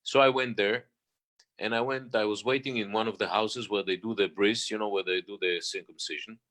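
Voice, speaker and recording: A man, a guest stage singer, telling a personal story in an interview with many restarts. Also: fairly low pitch. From Israel. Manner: halting, restarts often, animated retelling.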